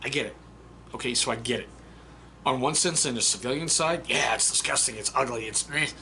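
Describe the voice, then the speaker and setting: A man talks through a book in a blunt, casual way, swearing now and then. His voice is bright and forward. Faint background noise sits under the recording. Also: mid-range voice, fairly quick. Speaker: book reviewer. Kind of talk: casual spoken book review.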